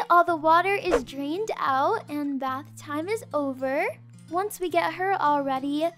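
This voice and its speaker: A young woman narrating a game roleplay as a mom, animated and chatty, switching between baby talk and casual asides. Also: very high voice. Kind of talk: playful game roleplay with live commentary.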